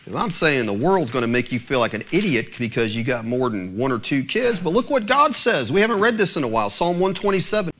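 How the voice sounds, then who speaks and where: A man preaching a sermon to his congregation, emphatic and animated, speaking to them directly. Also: mid-range voice, a little fast, hardly any pauses. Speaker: pastor.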